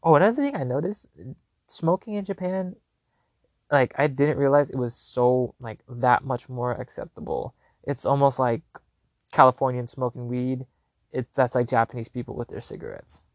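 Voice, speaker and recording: A chatty vlogger tells a trip story in loose, rambling talk, packed with "like" and casual cursing. The voice sits at a middling pitch, and the recording is close and dry with no room sound. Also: normal speed, no room sound. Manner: chatty, filler-heavy with constant "like", casual swearing; loose, self-correcting.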